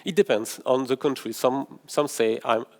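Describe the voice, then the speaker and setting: French-accented man, middle-aged, mid-pitched, halting conference presenter who often restarts his phrases. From France. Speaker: conference speaker, developer advocate. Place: in-person conference session room.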